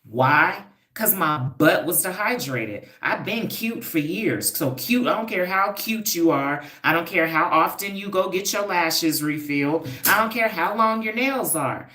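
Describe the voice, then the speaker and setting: A woman's voice: on the low side, lively intonation, measured pace, hardly any pauses, sharp tone, echoey room. A woman hosting a casual livestream, talking straight to her viewers in an emphatic, preachy way, repeating points for effect. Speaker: livestream host, hair stylist and wellness coach.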